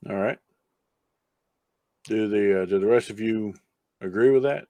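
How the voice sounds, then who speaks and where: A man's voice: fairly low pitch, normal speed, long pauses, a little mellow, dry recording. A man as game master, narrating a tabletop game in an easygoing, chatty way. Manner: easygoing, chatty, breaks off to talk to a pet.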